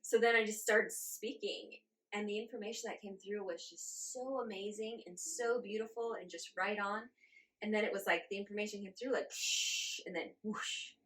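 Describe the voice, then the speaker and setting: A woman in her forties, a guest in an interview, telling her story in a lively way, laughing often and acting out her own reactions. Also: medium pitch, normal speed. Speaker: guest channeler.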